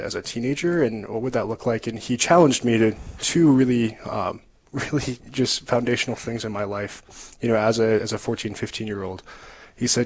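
A young man, a seminarian guest on a radio talk show, telling his story in an earnest, reflective way with soft laughs. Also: medium pitch, poor audio. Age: young adult. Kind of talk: radio interview testimony.

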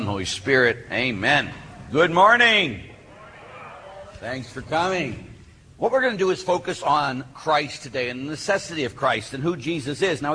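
Bright-voiced priest giving a sermon. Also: male voice, mid-range voice. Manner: animated storyteller who acts out voices. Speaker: Catholic priest. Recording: hall reverb, faint background noise.

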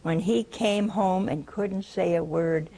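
An older woman preaching a sermon, humorous and animated, acting out the quotes she tells. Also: mid-range voice, slow pace, gravelly.

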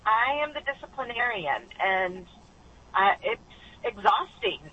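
A woman calls in to a radio advice show, speaking slowly and haltingly with a bright, slightly tense tone. Her voice comes through a dull phone line with faint noise behind it. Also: fairly high pitch, animated. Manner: halting, hesitant, restarts. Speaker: caller. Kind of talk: call-in conversation.

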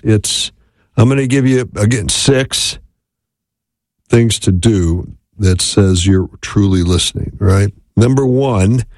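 A man's voice: medium pitch, darkish tone, no echo. A man giving a conversational talk on listening in marriage, often checking in with the listener. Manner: conversational, repeats "right?" to check in. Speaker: marriage teacher. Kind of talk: instructional talk.

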